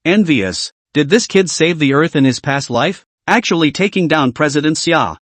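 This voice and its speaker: A man's voice: fairly high pitch, normal speed, no echo. A man voicing astonished, envious male guests at a banquet. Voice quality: excited, gossiping.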